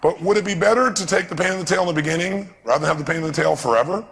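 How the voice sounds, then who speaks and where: A man with a somewhat high, gravelly voice delivers a live seminar talk, lively and constantly putting questions to his audience. His voice rings out with a long reverb through a large hall. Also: rapid-fire. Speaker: seminar speaker.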